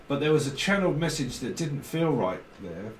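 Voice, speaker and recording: A man's voice: on the high side, very animated, normal speed, reverberant, recorded from a distance, slight background noise, rough recording. A man giving a casual tarot reading, rambling and blunt, swearing freely. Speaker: tarot reader.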